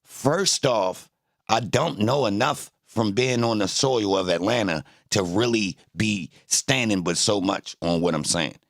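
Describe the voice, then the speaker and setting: A man's voice: lowish voice, a little slow, gravelly, no room sound, studio quality. A man talking in loose, emphatic, profane street-style commentary. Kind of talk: casual streamed commentary.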